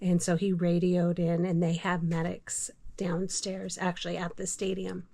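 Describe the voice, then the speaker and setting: Flat-voiced woman recounting a story. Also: fairly low pitch, vocal fry. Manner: hesitant, many pauses and fillers. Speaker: homestead vlogger. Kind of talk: casual personal storytelling.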